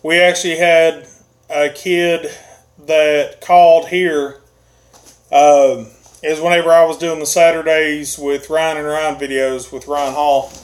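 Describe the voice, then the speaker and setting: Male streamer, slightly high pitch, unhurried casual delivery, laughs often while reading comments. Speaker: livestream host reading chat. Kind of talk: casual live-stream chat.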